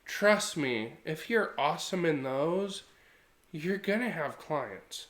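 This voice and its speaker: A man's voice: fairly high pitch, slow, echoey room. A man in his thirties co-hosting a podcast, telling stories earnestly and acting out quotes in a casual chat. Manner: earnest, animated storytelling with acted quotes. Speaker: podcast co-host.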